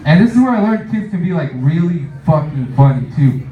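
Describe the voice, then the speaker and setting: A man's voice: fairly high pitch, lively intonation, fairly quick. A young man doing a stand-up comedy set, rambling with lots of fillers and laughing at his own jokes. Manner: rambling, filler-heavy, self-amused. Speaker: stand-up comic. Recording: echoey room, distant muffled mic.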